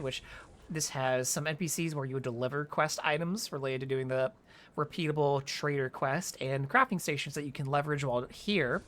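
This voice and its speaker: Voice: mid-range voice, fairly bright tone. A gamer giving casual, chatty commentary on a game quest walkthrough, with jokey asides between the instructions.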